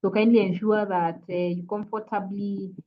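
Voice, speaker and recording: A woman with a Kenyan accent teaching an online English revision lesson, patient and repetitive, often saying "kindly" and pausing with "uh". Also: mid-range voice, level tone, muffled recording. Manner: patient, repeats "kindly", frequent "uh" fillers.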